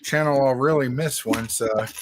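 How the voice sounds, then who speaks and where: A man chatting casually on a stream, hesitant and filling pauses with uh and um. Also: mid-range voice, over a noisy crowd. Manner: hesitant, lots of uh and um. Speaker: guest on stream. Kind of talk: casual chat.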